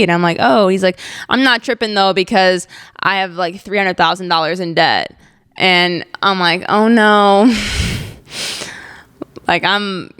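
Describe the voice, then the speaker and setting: Young woman podcaster rambling through a story, smooth clear voice, says like a lot. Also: mid-range voice. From Ozarks, USA. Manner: chatty, many "like"s, candid and expressive. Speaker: podcast host. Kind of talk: casual personal storytelling.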